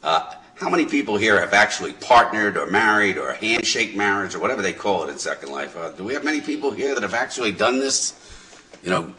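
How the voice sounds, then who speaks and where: A middle-aged man doing loose stand-up comedy, with a lowish voice that still comes across bright and forceful. He rambles, chats with the crowd and breaks into laughter at his own jokes. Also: lively intonation, a little fast. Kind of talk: rambling stand-up over live voice chat.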